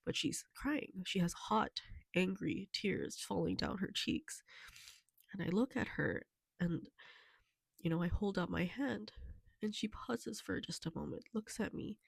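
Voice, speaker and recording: A young woman talking softly and haltingly in a personal vlog, tearful and emotional, with many fillers. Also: mid-range voice, vocal fry, husky, no echo, clean studio sound. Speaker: vlogger.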